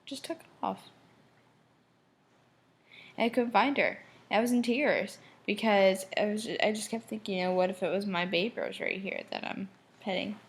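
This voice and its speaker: A woman's voice: mid-range voice, fairly quick, slightly rough, rough recording. A young woman from Michigan talking in a personal video diary, emotional and rambling, often restarting her sentences. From Michigan, USA. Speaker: vlogger.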